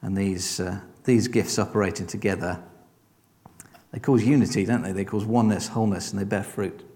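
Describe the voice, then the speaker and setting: A man with a lowish voice preaches a sermon in an easy, conversational way. He keeps encouraging his listeners and asking rhetorical questions. His voice rings with the long reverb of a church hall. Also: steady tone, brisk, mellow.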